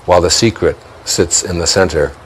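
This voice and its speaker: A man's voice: sits low, brisk, breathy edge, low-quality recording. A man with a Detroit accent, speaking as a guest in a reflective spiritual interview, musing aloud, chuckling often and repeating words as he thinks.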